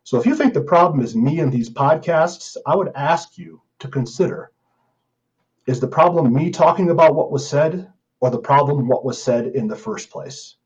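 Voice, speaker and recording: A man's voice: fairly high pitch, moderate pace, lo-fi sound. A man hosting a podcast, talking in an indignant, emphatic way as he reads online comments aloud and answers them. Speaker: podcast host.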